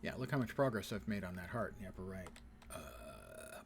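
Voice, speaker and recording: A man's voice: sits low, sing-song, fairly quick, vocal fry. Dry, sarcastic male game streamer. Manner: dry, sarcastic, playful wordplay. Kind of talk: casual gameplay commentary.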